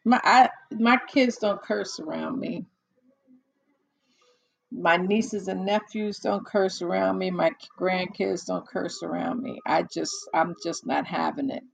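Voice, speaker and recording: A woman's voice: on the low side, slow, gravelly, rough recording. An older woman hosting a casual monologue, telling stories in a blunt, exasperated way with many restarts.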